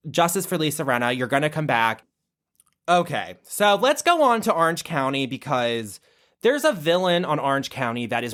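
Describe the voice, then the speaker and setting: A man hosting a podcast, gushing in a casual, profane monologue about his favourite reality stars. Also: on the high side. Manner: animated, profane, gushing fan talk. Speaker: podcast host.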